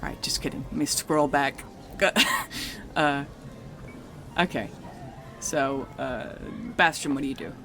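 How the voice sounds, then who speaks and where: A man's voice: mid-range voice, steady tone, measured pace, pauses often, music in the background. A man narrating a tabletop game as game master, casual and rambling, swearing freely.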